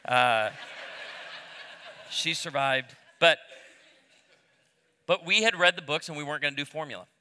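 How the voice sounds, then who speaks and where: With a fairly high, pushed and bright voice that sounds clear and resonant, a middle-aged pastor speaks unhurriedly on marriage, pausing often. His sermon-style talk to a live audience mixes stories, humor, and self-deprecating remarks, trailed by long reverb.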